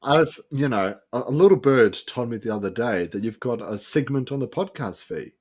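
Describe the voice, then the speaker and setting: A man's voice: mid-range voice, lively intonation, moderate pace, noisy background. A man hosting a podcast in a casual, giggly, rambling way. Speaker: podcast host.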